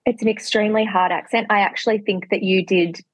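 An Australian woman, an author guest on a podcast, chatting warmly with a self-deprecating, laughing manner. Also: medium pitch, steady tone, fairly quick, no echo, poor audio. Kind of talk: casual interview chat.

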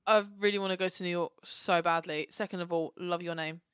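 A woman co-hosting a podcast, chatting in an excitable, playful and sweary way. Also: fairly low pitch, brisk, smooth, dry recording, clean studio sound. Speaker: podcast co-host. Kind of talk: casual chat.

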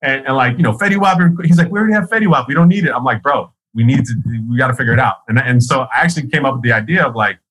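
Husky, forceful-sounding man, rambling and profane, laughs a lot while telling a story. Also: medium pitch, rapid-fire, hardly any pauses, low-quality recording. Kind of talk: casual storytelling.

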